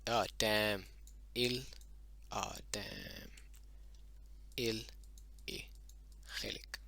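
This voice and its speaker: A young man casually explaining a language as a hobby lesson, halting often with fillers and correcting himself as he goes. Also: fairly low pitch, wildly swooping pitch, creaky, bright, forceful tone. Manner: halting, many fillers and self-corrections, mutters "oh, damn".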